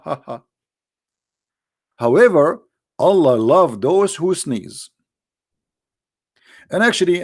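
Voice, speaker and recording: A man whose voice is a little high and darkish in tone gives a sarcastic, emphatic commentary by himself. He's an online debater speaking English with non-native grammar.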